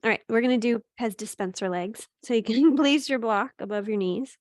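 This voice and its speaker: Calm woman guiding a gentle yoga class. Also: a little high, brisk, no room sound, clean studio sound. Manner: calm, encouraging cues with frequent "right?" and "um"; speaks to students by name. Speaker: yoga teacher. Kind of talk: guided yoga class instruction.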